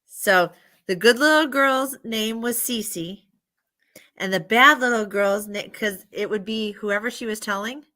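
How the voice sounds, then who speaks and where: A woman's voice: mid-range voice, unhurried, bright, forceful tone. A woman casually retelling a bedtime story on a live stream, rambling with laughing asides. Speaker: livestream host.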